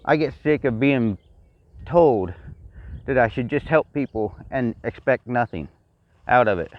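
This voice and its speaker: With a mid-range, animated voice at a measured pace, a middle-aged Texas vlogger with a Texan accent launches into a blunt, profane rant, returning again and again to the same complaints. The recording is dry and dull, lo-fi in quality.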